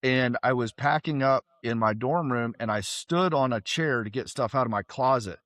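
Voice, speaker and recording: A middle-aged man, from South Carolina, telling stories as a podcast guest in a casual, animated way and acting out the people he quotes. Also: mid-range voice, moderate pace, dry recording, studio quality. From South Carolina, USA. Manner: animated, acts out quoted voices. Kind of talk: casual storytelling.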